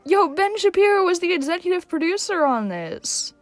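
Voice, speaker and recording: A woman's voice: very high voice, big pitch swings, normal speed, no echo, faint music behind. A young woman hosting a casual reaction vlog, slangy and sarcastic. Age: young adult. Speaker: vlogger, host.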